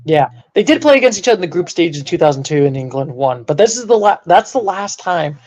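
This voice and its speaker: A man co-hosting a casual sports podcast, animated and prone to bursts of mock outrage. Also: fairly high pitch, fast. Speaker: podcast co-host.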